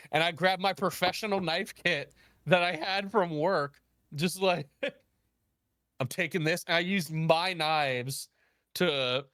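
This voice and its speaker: A man who works as a chef, telling a story in casual chat, animated, laughing often and acting out quoted dialogue. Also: mid-range voice, dry recording, clean studio sound. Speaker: guest, chef.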